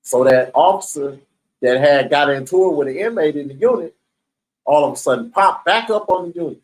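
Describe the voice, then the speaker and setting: A man's voice: a little high, animated, fairly quick, poor audio. A man telling a story in a casual, streetwise way, swearing freely and often checking in with "right?". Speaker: storyteller recounting prison life.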